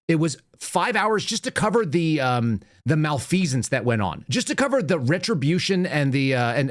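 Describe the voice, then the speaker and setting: A man hosting a political commentary show, talking in a ranting, sarcastic way. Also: on the high side. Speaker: show host.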